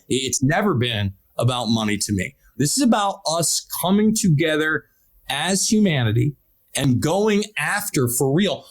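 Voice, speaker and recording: An American man hosting a political podcast, talking in an emphatic, urgent way and repeating words for stress. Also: a little high. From United States. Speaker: podcast host.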